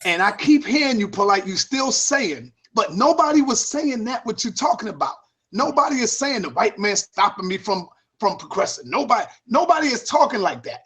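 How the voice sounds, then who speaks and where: Husky high-voiced man arguing emphatically. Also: big pitch swings, moderate pace, a bit bright. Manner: emphatic, repetitive, sermon-like. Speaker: debate partner. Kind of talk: heated discussion.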